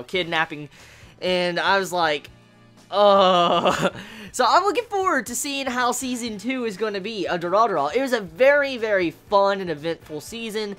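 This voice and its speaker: A woman casually reviewing an anime episode, excitable and foul-mouthed, her pitch jumping up when she gets worked up. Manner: excitable, swears, with big jumps in pitch.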